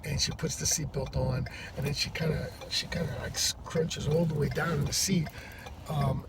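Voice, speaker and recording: A man's voice: a little high, steady tone. Man rambling in a noisy car. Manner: rambling, halting with many restarts. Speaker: rideshare driver. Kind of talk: casual storytelling to camera. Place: inside a parked car. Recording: distant mic with loud traffic noise. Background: loud vehicle and road noise.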